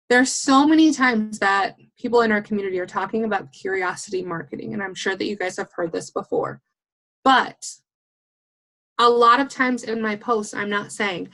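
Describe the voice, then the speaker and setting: A young woman giving a blunt, fast and animated motivational talk as a guest speaker on a team call, swearing casually. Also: a little high.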